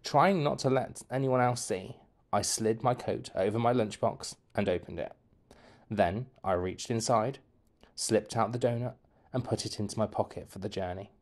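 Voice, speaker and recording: A man's voice: fairly low pitch, moderate pace. Playful male storybook reader. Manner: expressive, playful, shifts voice for quotes. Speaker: teacher reading a children's book aloud. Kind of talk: storybook narration.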